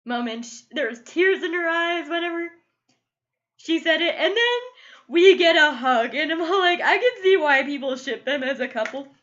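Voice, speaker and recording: A woman's voice: sits high, expressive, moderate pace, fairly bright tone, highs cut off. A woman gushing casually through a TV episode review, emotional and full of "like" fillers. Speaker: TV show reviewer. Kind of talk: casual solo review vlog.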